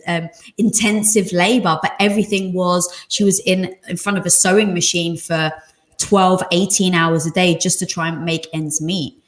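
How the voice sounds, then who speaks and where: Woman telling stories in an echoey room. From London, England. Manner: animated, acts out quoted voices with jumps in pitch. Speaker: podcast guest. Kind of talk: reflective storytelling interview. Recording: roomy echo.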